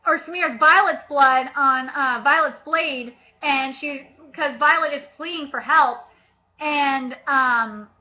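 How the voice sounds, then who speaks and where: A young woman vlogger chatting about a book, gushing and excitable, with lots of fillers and casual swearing. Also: high-pitched, takes it slowly, highs cut off.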